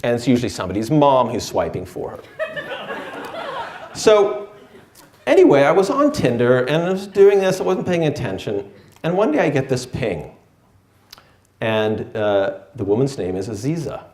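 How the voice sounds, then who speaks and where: A man's voice: medium pitch, very animated, moderate pace, pauses often, darkish tone. A man telling a personal story live, with a wry, self-deprecating delivery. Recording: echoey room.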